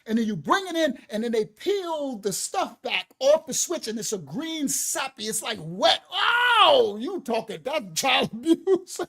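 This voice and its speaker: A man preaching in a fiery, animated way, loud and slangy, often laughing. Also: very high voice, unhurried, few pauses.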